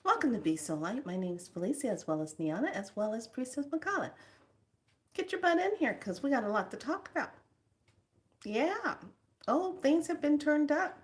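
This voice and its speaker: A woman's voice: fairly high pitch, very animated, normal speed. A woman hosting her own spiritual vlog, talking casually and telling exasperated stories with frequent laughter. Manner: chatty, exasperated storytelling, laughs often. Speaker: spiritual vlogger.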